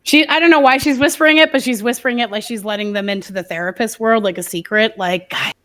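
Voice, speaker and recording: Chatty higher-voiced woman player. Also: quick pace, fairly bright tone. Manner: chatty, rambling with fillers. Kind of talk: casual tabletop game chat.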